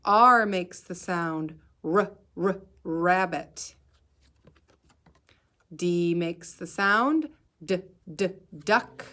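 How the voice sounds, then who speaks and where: A woman teaching a phonics lesson to young children, sounding out each letter slowly and clearly and encouraging them to join in. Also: mid-range voice, a bit bright. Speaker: kindergarten teacher.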